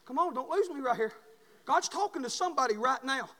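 A man preaching a sermon as pastor, telling folksy stories and building to shouted calls. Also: very high voice, very animated, a little fast. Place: church sanctuary. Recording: long hall reverb.

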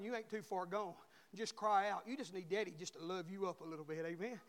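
Male pastor, high-pitched, shouting then hushed, call-and-response sermon in a church with long reverb. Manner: call-and-response preaching, swings between shouting and hushed tenderness. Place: church sanctuary.

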